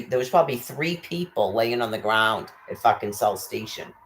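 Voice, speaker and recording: Angry profane man ranting, lively pitch. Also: normal speed, few pauses. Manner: profane, agitated, ranting, rhetorical questions. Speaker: ranting commentator.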